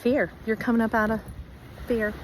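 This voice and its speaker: Animated woman giving a tarot reading. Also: on the high side, moderate pace, a little hiss or hum, low-quality recording. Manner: animated, acts out viewers' voices. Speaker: tarot reader.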